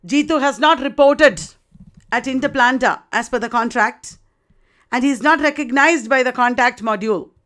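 A woman lecturer summarizing the plot of a play in a deliberate way, with occasional fillers and restarts. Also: high-pitched, a bit bright. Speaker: literature lecturer.

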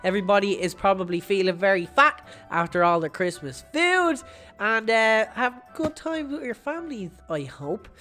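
A woman hosting her gaming channel, giving live gameplay commentary in an excitable, playful way, shouting at big moments. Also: mid-range voice, normal speed, soft background music.

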